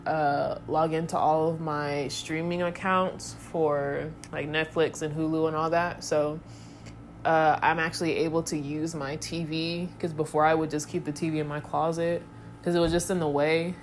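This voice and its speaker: A woman's voice: deep voice, a little hiss or hum. A young woman chatting casually to her viewers, rambling with goofy asides. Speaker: vlogger. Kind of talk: casual chat to camera.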